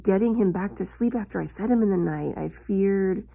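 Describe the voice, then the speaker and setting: A woman in her thirties telling a personal story in a confessional vlog, slowly and reflectively, with long pauses. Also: mid-range voice, gravelly, dark tone. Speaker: vlogger.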